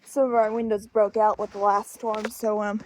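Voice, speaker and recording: A woman's voice: flat delivery, normal speed, darkish tone. A young woman with a put-on Southern drawl, chatting casually while walking around a farm, a little out of breath. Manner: chatty, coos at animals in a high baby voice. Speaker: farm vlogger. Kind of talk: casual walk-and-talk farm vlog. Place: outdoors on a farm.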